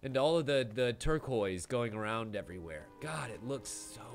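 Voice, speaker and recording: A man commentating a live game stream, excitable and gushing, with frequent swearing. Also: mid-range voice, normal speed. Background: game music.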